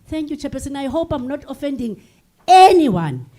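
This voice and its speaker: Older woman from South Africa, delegate at a forum, speaking earnestly and with emotion; dark, mellow tone, fairly high. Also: sing-song, normal speed. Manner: earnest, emotional, repeats herself. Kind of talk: impassioned floor address. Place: large conference hall.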